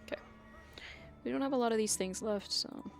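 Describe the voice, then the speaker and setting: A woman's voice: on the high side, fairly quick, gravelly, faint music behind. A young woman streaming a video game, chatting with her viewers in a rambling, casual way and often losing her train of thought. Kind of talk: casual live-stream chat while gaming.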